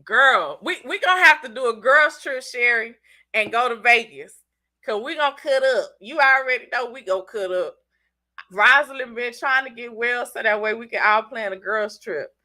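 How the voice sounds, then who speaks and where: Woman, Southern US accent, congested, very bright and sharp tone, a bit high, slangy live-stream chatter. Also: normal speed. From Southern United States. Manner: chatty, slangy, teasing viewers by name. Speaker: channel host reading live chat. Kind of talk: casual live-stream chat.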